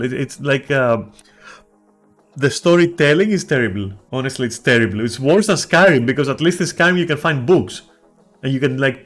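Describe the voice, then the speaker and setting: A man on a game stream, ranting in casual chat, swearing a lot and restarting his sentences. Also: mid-range voice.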